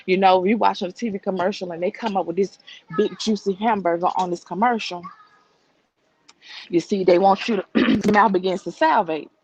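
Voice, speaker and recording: A woman's voice: medium pitch, fairly even intonation, brisk, a little mellow, muffled recording, a little hiss or hum. Chatty woman streaming while walking. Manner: chatty, reads viewer comments aloud. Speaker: livestream host. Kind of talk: casual livestream commentary. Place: walking through a crowded shop.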